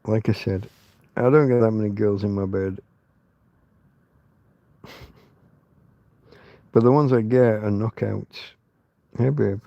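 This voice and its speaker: A man hosting a casual late-night livestream from his bed, rambling and chatty, talking to his dog in a soft doting voice between asides to his viewers. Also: fairly low pitch, steady tone, slow pace, long pauses, dry recording, lo-fi sound. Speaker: livestream host. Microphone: phone camera held close.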